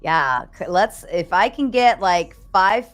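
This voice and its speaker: A woman's voice: fairly low pitch, expressive, takes it slowly, a crowd in the background. A woman hosting a live stream in casual chat, laughing often and swearing freely as she tells stories. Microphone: streaming setup.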